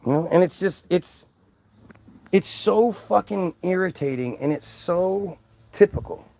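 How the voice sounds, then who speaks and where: Brief: male vlogger, fairly high gravelly voice, profane exasperated storytelling. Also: animated, measured pace, a little mellow. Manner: exasperated, profane, lots of restarts. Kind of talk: casual story-telling rant.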